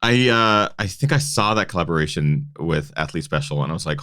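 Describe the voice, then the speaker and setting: A male host with a very deep voice chats on a live show, animated and exclamatory. His voice is close and dry. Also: fairly quick, clear, resonant tone, no room sound. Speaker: podcast host. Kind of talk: casual chat on a live show.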